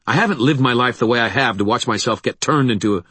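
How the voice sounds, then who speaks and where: A man's voice: on the low side, lively intonation, unhurried, husky, no echo, full character voice. A man voicing a weary, wry wizard. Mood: angry. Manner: clipped, defensive, rising to shouts. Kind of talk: audiobook dialogue.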